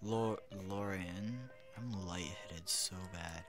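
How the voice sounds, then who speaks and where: A young man giving goofy, playful commentary over a video game, chatting to the characters and swinging between loud outbursts and hushed whispers. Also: sits low, takes it slowly, hardly any pauses. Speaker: gaming commentator.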